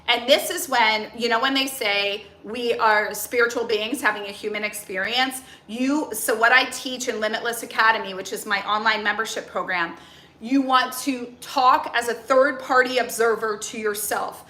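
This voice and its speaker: A woman in her forties talks casually to camera as a coach. She is chatty and animated, with a bright, fairly high voice. The recording is echoey. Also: moderate pace. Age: 40s. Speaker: nutrition and mindset coach. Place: outdoors near a tree.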